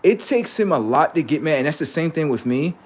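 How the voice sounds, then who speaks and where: A middle-aged man rambling profanely to his livestream about his kids, acting out what they say in lively quoted voices. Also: fairly high pitch, brisk, slightly rough. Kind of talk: casual monologue to a livestream audience.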